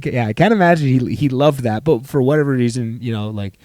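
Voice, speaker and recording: Mellow-voiced comedian spinning a story. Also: male voice, mid-range voice, a little fast, no echo, studio quality. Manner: rambling, profane, self-interrupting. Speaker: comedian and podcast host. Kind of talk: casual solo storytelling.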